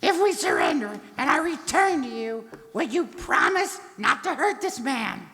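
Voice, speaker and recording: An earnest young heroine voiced by a woman pleads in a high, gravelly voice, slowly and with care. She is recorded live in a big hall with long reverb. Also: wildly swooping pitch, fairly bright tone, a little hiss or hum, exaggerated voice. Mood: pleading. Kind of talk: live stage reading of a parody script.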